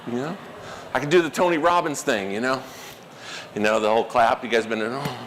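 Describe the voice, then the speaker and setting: A man giving a live workshop talk, animated and quizzing the audience. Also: medium pitch, brisk, long reverb tail, slight background noise. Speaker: workshop presenter.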